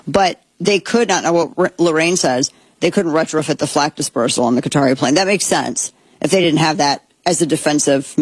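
Woman host, husky voice, dry close sound, rambling sarcastic commentary. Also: low voice, fairly quick, dry recording. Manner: rambling, sarcastic, with frequent restarts. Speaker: podcast host. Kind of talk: casual political commentary.

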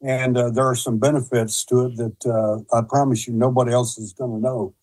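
A man talking as a guest on a talk show, his voice husky and a little breathy. He tells long stories in a rambling way, stopping and starting often. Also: mid-range voice, little pitch movement, brisk, darkish tone, low-quality recording. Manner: rambling, hesitant, with many restarts. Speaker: guest investigator. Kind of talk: casual storytelling.

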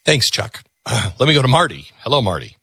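A man's voice: medium pitch, very animated, brisk, sharp tone, slightly rough, dry recording. A man hosting a call-in radio talk show, earnest and reflective, often repeating words as he gathers his thoughts.

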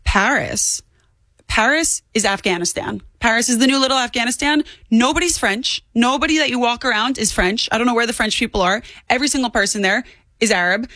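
A woman's voice: fairly high pitch, brisk, sharp tone, dry recording. A woman in her twenties, a guest on a talk radio show, speaking in an emphatic, opinionated way. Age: 20s. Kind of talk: political talk radio chat.

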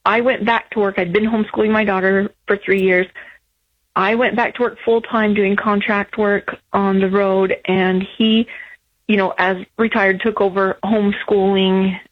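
Woman radio caller, halting and emotional, husky voice over a muffled phone line. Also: mid-range voice, little pitch movement, no echo. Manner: emotional, halting, many restarts.

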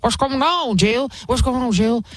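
Woman putting on a groggy old guy, stammers and asks what's going on, voice jumps up high. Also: normal speed, natural voice. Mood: confused. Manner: flustered, stammering questions. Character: groggy confused elderly man just woken.

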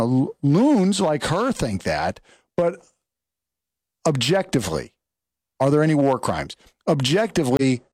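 A man's voice: on the high side, darkish tone, no room sound, clean studio sound. A man giving an opinionated political monologue in an indignant, sarcastic tone, retelling events and quoting others. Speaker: political commentator.

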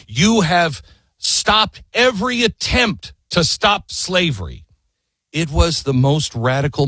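A man's voice: mid-range voice, breathy edge, no echo, studio quality. A man giving an impassioned history talk, telling the story with emphasis and firing off rhetorical questions.

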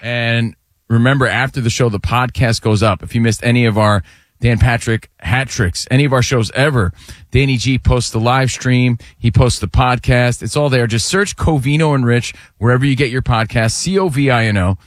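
A man co-hosting a live sports radio show from a studio, quick, jokey and playful. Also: medium pitch, dry recording. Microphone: studio microphone.

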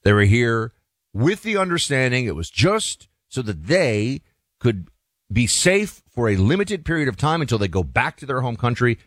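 A man's voice: mid-range voice, fairly bright tone, dry recording. A man hosting a talk show, giving an emphatic, opinionated monologue with folksy asides to the listeners.

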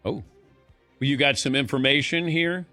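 A middle-aged man hosting a sports talk show, chatty and quick to laugh as he calls on his co-hosts. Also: mid-range voice, pushed and bright, no room sound, soft background music. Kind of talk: casual studio banter.

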